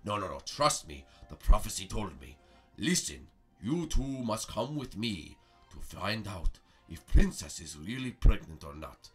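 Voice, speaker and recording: A man's voice: on the low side, big pitch swings, a little slow, a bit bright, husky, soft background music, voice pushed down, heavily acted. A man voicing a pompous old male mystic master who speaks in a grand, archaic way in a role-play comedy. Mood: solemn.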